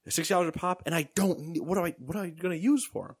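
A man's voice: sits high, very fast, slightly rough, no echo, clean studio sound. A young man co-hosting a casual gaming podcast, joking and rambling with sarcastic asides, hiccuping now and then. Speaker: podcast co-host. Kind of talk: casual chat.

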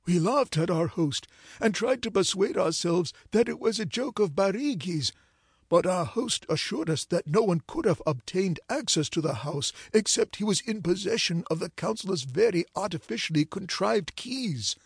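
A man narrating an old ghost story in a measured, dramatic reading. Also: sits high, animated, gravelly, breathy edge, no echo, clean studio sound.

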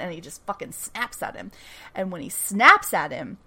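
A woman hosting a podcast who casually retells a TV episode, lively and swearing freely. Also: mid-range voice, normal speed, breathy edge. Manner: animated storytelling, swears freely, laughs often. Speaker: podcast host recapping a TV episode. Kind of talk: casual chat.

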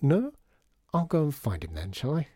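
A man's voice: mid-range voice, very animated, moderate pace, warm tone, breathy edge, no echo, voice pushed up. A man reading a story, voicing a sardonic middle-aged father with a dry manner. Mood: wry.

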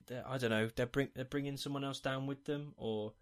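A man's voice: mid-range voice, steady tone, brisk, smooth. A man co-hosting a podcast, in dry, self-mocking chat with some swearing. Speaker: podcast co-host. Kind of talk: casual chat.

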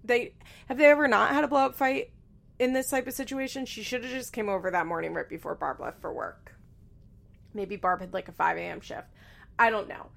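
A woman's voice: on the high side, brisk, gravelly, a bit bright. A woman giving a casual, chatty recap with lots of fillers and swearing. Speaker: reality TV recap host. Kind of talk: casual commentary.

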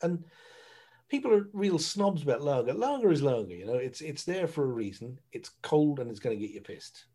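A man's voice: fairly high pitch, sing-song, a little fast, mellow. An Irish man chatting on a podcast, laid-back and jokey, swearing casually. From Ireland. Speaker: podcast guest. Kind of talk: casual chat.

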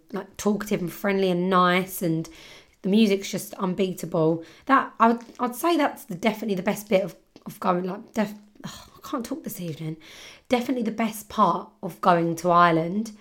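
A woman's voice: medium pitch, fairly quick, fairly bright tone. Chatty woman telling stories. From London, England. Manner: chatty, giggly, swears freely. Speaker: podcast host. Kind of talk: casual chat, storytelling.

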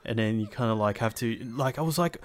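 A young man in casual chat about a video game, rambling in a relaxed way with many fillers. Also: on the low side, fast.

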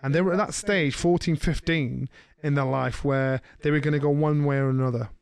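A middle-aged man, co-hosting a podcast, telling a story in a lively way and slipping into the voices of the people he quotes. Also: a little high, brisk, vocal fry, clear, resonant tone. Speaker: podcast co-host. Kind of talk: casual storytelling chat.

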